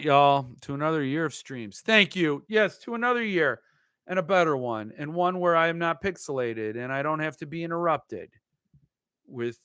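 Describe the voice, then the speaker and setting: A man's voice: medium pitch, a bit bright, clean tone, dry recording, studio quality. A man hosting a casual book live stream, joking and rambling in a self-mocking way.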